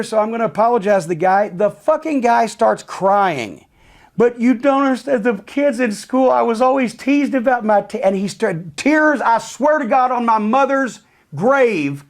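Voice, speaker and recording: A middle-aged man telling a heated, profanity-laden backstage story as an interview guest, sardonic and blunt. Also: sits high.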